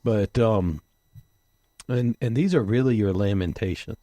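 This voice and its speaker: A male podcast host with a fairly low voice talks gently with his guests, then reads a short passage aloud. The recording is dry and close, with no room echo. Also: unhurried. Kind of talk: interview conversation.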